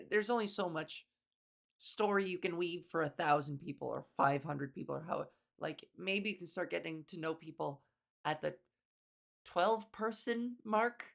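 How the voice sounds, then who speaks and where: A woman's voice: lowish voice, gravelly. A woman hosting a comedy podcast, talking in a casual rambling monologue, swearing a lot and acting out the people she mocks.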